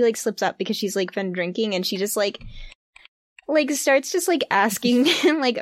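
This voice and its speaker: A woman's voice: medium pitch, no echo, studio quality. A woman playing a tabletop game, talking casually and rambling with many fillers. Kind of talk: casual actual-play chat.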